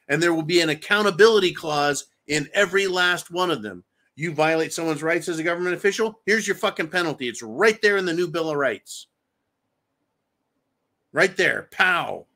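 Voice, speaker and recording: A man hosts a live-style show, ranting in a bright, forceful voice. He swears constantly and sounds openly angry as he talks. His pitch sits a little above most men's. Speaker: show host reading viewer comments. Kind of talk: profane political rant.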